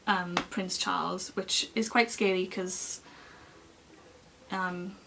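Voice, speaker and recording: A young woman, chatting casually to camera as she tells a long personal story in an expressive, lively way. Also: fairly low pitch, slow, gravelly, a little hiss or hum. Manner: chatty and expressive, acting out other people's lines. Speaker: beauty vlogger.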